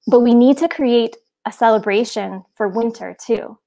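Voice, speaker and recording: A woman voicing a kind young girl who calms conflicts, speaking gently and reassuringly. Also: fairly high pitch, normal speed, vocal fry. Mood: gentle.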